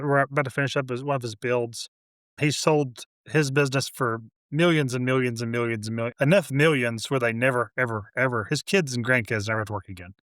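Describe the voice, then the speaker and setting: A man who builds homes, a guest in a casual interview, telling animated stories full of quoted dialogue. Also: medium pitch, dry recording, studio quality. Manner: animated storyteller, quoting others.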